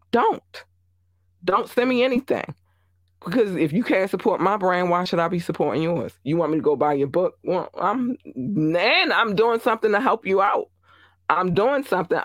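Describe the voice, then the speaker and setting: Woman podcast host, blunt and sassy, gravelly fry, dry close sound. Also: low voice, dry recording. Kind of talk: solo podcast monologue.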